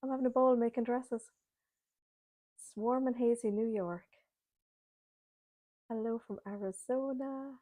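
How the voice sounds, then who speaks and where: A woman's voice: a little high, steady tone, a little slow, long pauses, mellow, no echo. A woman with an Irish accent hosting a live sewing chat from home, greeting viewers by name and laughing often as she reads their comments. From Ireland. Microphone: laptop or webcam mic, camera angled up.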